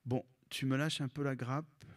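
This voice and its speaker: A man's voice: mid-range voice, steady tone, moderate pace, lightly acted. Teasing, brusque teenage big brother, read by a man in his own voice.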